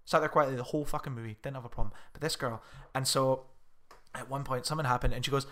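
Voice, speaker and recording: Man, podcast co-host, casual chat, animated sweary storytelling, average pitch. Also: fast. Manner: animated storytelling with sweary rants and shrill mimicry.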